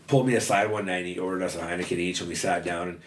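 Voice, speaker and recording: Deep-voiced guy, podcast guest, blunt storyteller who swears a lot. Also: fairly even intonation, racing, a little hiss or hum. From western Canada. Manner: blunt, swears freely, many fillers. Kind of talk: casual storytelling interview.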